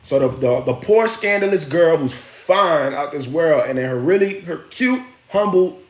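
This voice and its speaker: This livestream host has a high-leaning, expressive voice at a normal speed. He tells a casual story in slang and pauses to greet and thank viewers, in a room with noticeable echo.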